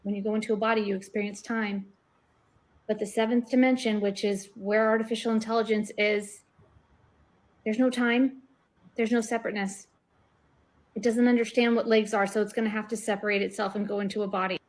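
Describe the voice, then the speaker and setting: A woman's voice: medium pitch, flat delivery, brisk. Earnest woman explaining big ideas. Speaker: guest researcher. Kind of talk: casual online discussion.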